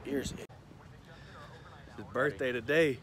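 A man's voice: mid-range voice, takes it slowly, a crowd in the background. A young man vlogging outdoors in casual chat, joking and telling stories with lots of laughter. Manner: joking, laughs a lot, animated storytelling. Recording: noisy outdoor street ambience.

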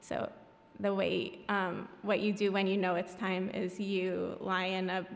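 A woman's voice: mid-range voice, flat delivery, a little slow, creaky. A woman reading her own graphic novel at a public event, breaking off for wry, self-deprecating asides. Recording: echoey hall.

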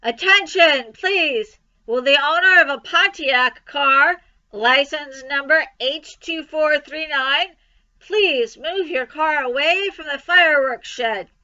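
A woman puts on a booming fairground loudspeaker announcer who calls out loud and formal, pitched high and bright. The sound is dull and lo-fi, with a muffled top end. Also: takes it slowly, full character voice. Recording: dull lo-fi recording.

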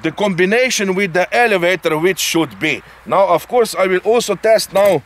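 High-voiced man showing off a model plane outdoors. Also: expressive, normal speed, a little hiss or hum. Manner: explains step by step, tags sentences with "eh?". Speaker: RC pilot and channel host. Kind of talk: casual outdoor demonstration. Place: outdoors in a grassy field.

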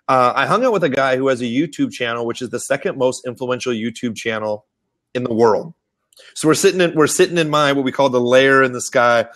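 A middle-aged man co-hosting a casual marketing web chat, telling a story with energy and slipping into the voices of the people in it. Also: medium pitch. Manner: animated storyteller who acts out other people's voices. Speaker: co-host of a marketing show.

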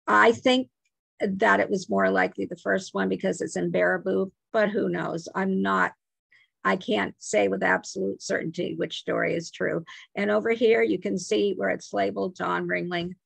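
Gravelly-voiced woman giving a history talk. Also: mid-range voice, steady tone, moderate pace, fairly bright tone, no echo. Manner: informal, chatty asides and self-corrections. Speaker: museum program manager. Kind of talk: slide presentation lecture.

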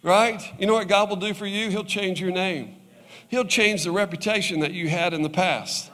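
A man's voice: sits high, moderate pace, bright, forceful tone, big-room sound. A male pastor preaching a sermon in a conversational way, often checking in with his listeners.

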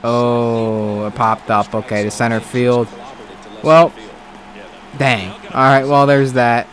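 Slowly and in a mid-range voice, a man provides casual commentary on a baseball video game as a gaming commentator. He gets excitable, curses, and argues back at the game.

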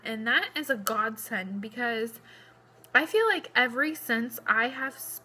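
A young pregnant woman talks into her phone camera in a casual vlog, rambling with lots of fillers and a slightly breathless edge. Her voice is a little high and quite bright. A faint hiss sits under the recording. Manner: chatty, rambling, many fillers. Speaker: vlogger. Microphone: phone camera close up.

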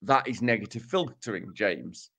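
A man's voice: on the low side, normal speed, fairly bright tone. A man co-hosting a casual podcast, explaining research with dry, self-mocking humor. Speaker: podcast co-host presenting research.

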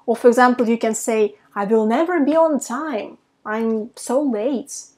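Slow, careful woman teaching a language. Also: fairly high pitch, a little mellow. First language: Russian. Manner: slow, careful pronunciation of example phrases. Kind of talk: casual online language lesson.

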